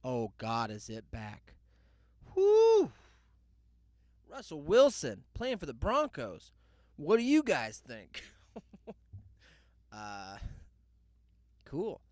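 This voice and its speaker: Male host, sarcastic loud ranter, fairly high voice, dry close mic. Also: wildly swooping pitch, a little slow, dry recording. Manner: loud, sarcastic rants with laughs. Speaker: podcast host. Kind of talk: casual solo rant.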